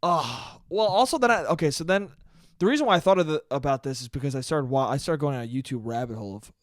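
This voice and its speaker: A man with a high speaking voice hosts his own podcast, rambling through a profane, loose comic monologue and laughing often. The sound is dry and close. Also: lively intonation, fast, dry recording. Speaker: podcast host.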